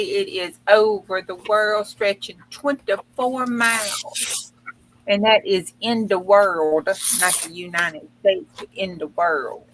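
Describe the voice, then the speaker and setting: A woman's voice: medium pitch, fairly bright tone, slight background noise, poor audio. A woman in casual livestream chat, reading fun facts in a folksy, chatty way and stumbling over words. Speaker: co-host.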